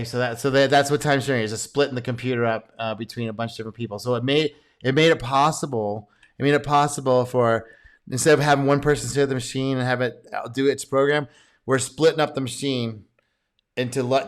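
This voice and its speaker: Chatty male course host, informal commentary, quick self-corrections. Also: mid-range voice, fairly even intonation. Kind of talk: casual commentary over archive clips.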